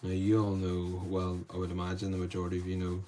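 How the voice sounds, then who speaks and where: A man with a fairly low voice runs a live painting demo from an indoor studio. He talks through each step quietly, as if thinking aloud. His voice lifts when he greets viewers and answers their questions. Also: monotone, quick pace, noisy background. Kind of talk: live-stream demo, talking to chat.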